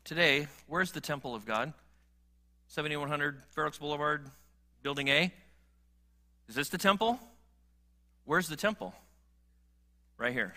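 A middle-aged male pastor preaching a sermon, earnest and swinging from emphatic appeals to quiet, low moments. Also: normal speed, long pauses.

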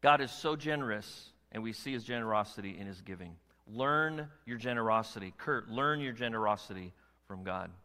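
A man preaching a sermon as pastor, animated and emphatic, with many rhetorical questions to his church. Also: lowish voice, moderate pace. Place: church sanctuary. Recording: long hall reverb.

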